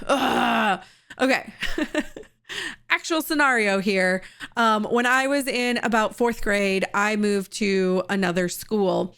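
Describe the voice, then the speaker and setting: A woman's voice: medium pitch, a bit bright. A woman in her thirties, a coaching host, telling personal stories in a candid, conversational way with some laughs. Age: 30s.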